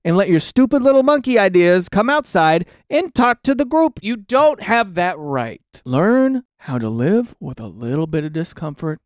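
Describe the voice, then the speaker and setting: A man doing comic commentary on online posts, animated and mock-exasperated, slipping into silly voices. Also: high-pitched, moderate pace, hardly any pauses, no room sound, studio quality. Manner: drops into silly quoted voices. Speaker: comedy commentator.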